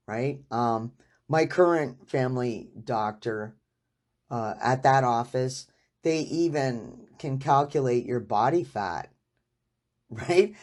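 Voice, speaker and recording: A woman vlogger telling a personal story in a chatty way, laughing and adding frequent asides. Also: rumbling low. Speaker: weight loss vlogger. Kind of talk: casual storytelling to camera.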